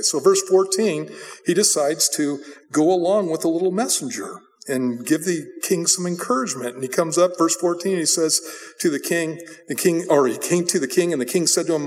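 Conversational preacher in an echoing hall. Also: male voice, on the high side, moderate pace. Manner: conversational, blunt, animated storytelling. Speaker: pastor. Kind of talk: expository sermon. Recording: long hall reverb.

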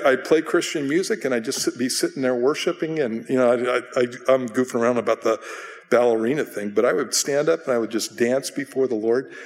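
Conversational pastor in a reverberant hall. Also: male voice, medium pitch. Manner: conversational, self-deprecating, with bursts of acted shouting. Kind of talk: sermon. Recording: long reverb of a large hall.

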